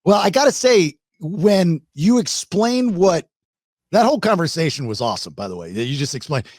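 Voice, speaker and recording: A man's voice: a little high, big pitch swings, normal speed, a little mellow, no room sound, clean studio sound. A man with an American accent hosting a podcast interview, chuckling and affirming his guest. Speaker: podcast host. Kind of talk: casual interview chat.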